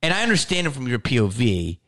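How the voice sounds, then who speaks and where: A middle-aged man hosting a podcast, telling a profane, animated story in casual chat and acting out the quoted lines. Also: medium pitch, quick pace. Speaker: podcast host.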